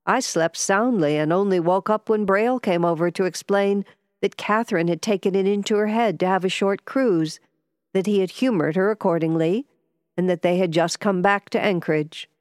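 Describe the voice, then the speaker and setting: A woman's voice: mid-range voice, normal speed, a little mellow, no room sound, studio quality, close to an everyday voice. A woman reading the part of an ailing older man who owns a yacht, speaking courteously and a little wearily. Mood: earnest. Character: ailing older male yacht owner, polite.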